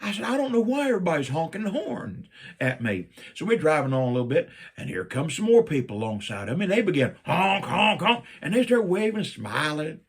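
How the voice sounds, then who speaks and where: A middle-aged man from Virginia, telling a personal story and acting out his own lines with big jumps up in pitch. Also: a little fast, slightly rough. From Virginia, USA. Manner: animated, jumps up in pitch when quoting himself.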